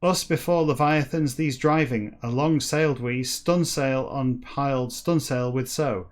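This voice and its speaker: A man reading a classic novel backwards for comedy, slow and halting word by word, breaking off for quick muttered asides. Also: mid-range voice. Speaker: comedy podcast reader.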